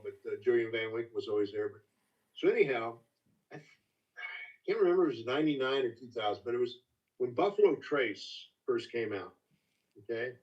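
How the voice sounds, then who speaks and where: An older man telling stories as a master distiller guest in a casual, folksy, halting way. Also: mid-range voice. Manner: folksy, halting, with many restarts. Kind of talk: casual storytelling. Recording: distant, dull lo-fi call audio.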